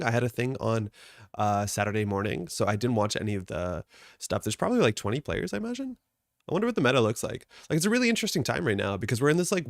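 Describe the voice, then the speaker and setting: A man's voice: medium pitch, vocal fry. A man chats his way through a live stream, rambling and greeting viewers as he goes. His nose is slightly stuffed up and his voice sits mid-range. The sound is dry and close, with no room echo. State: stuffed up from allergies. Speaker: streamer hosting a card game stream. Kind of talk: casual live-stream chat.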